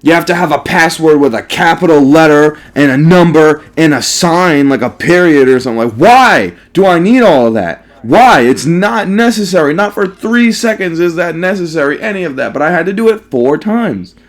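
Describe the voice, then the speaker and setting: Man, high-pitched, gaming commentator ranting, profane, repetitive rhetorical questions. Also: animated, moderate pace, hardly any pauses. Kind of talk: ranting storytime over gameplay.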